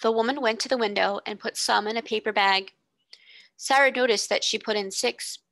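A woman, a tutor, reading a children's novel aloud expressively, slowing on vivid words, on a close mic. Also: a little high, a bit bright, no room sound. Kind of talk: storybook reading.

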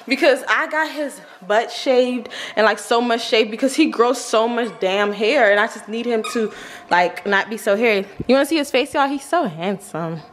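A young woman chatting casually to her viewers in a home vlog, excitable and talkative, often saying y'all. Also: a little high, moderate pace, roomy sound, slight background noise, low-quality recording. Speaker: vlogger.

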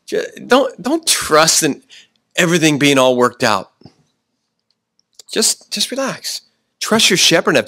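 A pastor preaching a sermon, often slowing down for emphasis and restarting his sentences. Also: a little high, sing-song, sharp tone, no room sound. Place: church.

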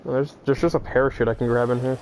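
A young man jokes crudely and laughs a lot while gaming with a friend, talking rapid-fire in a mid-range voice with little pitch movement. Game gunfire and engine noise run behind him, along with a crowd in the background.

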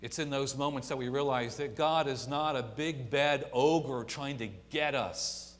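A man's voice: medium pitch, measured pace. Man preaching in a reverberant church. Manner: swings from quiet to loud and emphatic, voices imagined people. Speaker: pastor. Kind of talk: sermon. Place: church sanctuary. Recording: long church reverb, faint hum.

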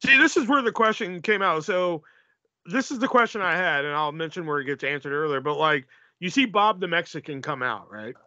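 A man's voice: a little high, expressive, brisk, pushed and bright, no room sound, muffled recording. A man co-hosting a podcast, retelling movie scenes in a casual, profane way. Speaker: podcast co-host.

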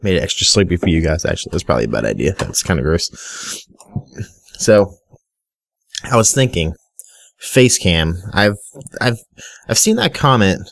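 A man's voice: low-pitched, very animated, moderate pace, vocal fry, long pauses, dry recording, studio quality. A young man giving casual, rambling Minecraft commentary, often stuttering and talking straight to his viewers. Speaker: gaming video creator.

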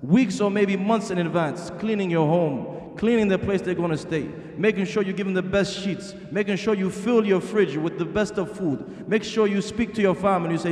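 A man's voice: high-pitched, moderate pace, few pauses, a little mellow. A middle-aged man preaching a sermon in a masjid hall, earnest and asking the audience rhetorical questions. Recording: echoey hall.

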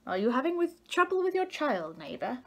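A woman's voice: high-pitched, big pitch swings, normal speed, pitched above the performer's own voice, exaggerated voice. A woman voicing a nosy, disapproving old neighbour fish in a storybook reading, speaking in a scolding, self-righteous way.

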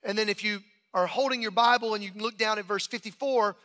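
Bright high-voiced male pastor preaching. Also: fairly even intonation, quick pace, big-room sound. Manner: conversational storytelling with restarts. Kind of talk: Easter sermon. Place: large church auditorium.

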